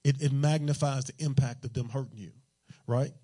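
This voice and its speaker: A man's voice: mid-range voice, fairly even intonation, fairly quick, warm tone. A man preaching a sermon in a loose, conversational, joking way, full of everyday slang.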